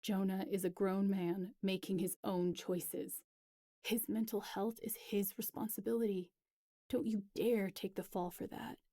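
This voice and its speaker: A woman's voice: medium pitch, level tone, unhurried, mellow, close to an everyday voice. A woman doing a protective young woman friend. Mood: urgent. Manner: urgent and firm.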